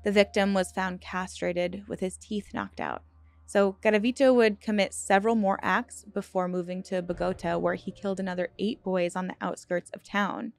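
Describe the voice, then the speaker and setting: A woman hosting a true crime channel, telling a dark case in a casual, earnest way with asides and fillers, sometimes choked up. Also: mid-range voice, fairly even intonation, moderate pace, gravelly. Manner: earnest, emotional, choked up at times; conversational with many fillers and restarts.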